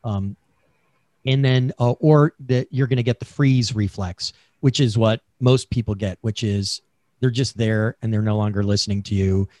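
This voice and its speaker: A man's voice: lowish voice, moderate pace, darkish tone, no echo, clean studio sound. A man being interviewed about selling, talking in a chatty coaching way with many fillers over a remote call mic. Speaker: sales expert guest.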